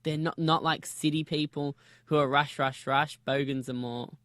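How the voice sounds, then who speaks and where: A man's voice: on the high side, fairly even intonation, moderate pace, a bit bright, dry recording. Hesitant man interviewing. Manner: hesitant, explaining, laughs easily. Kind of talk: casual interview chat.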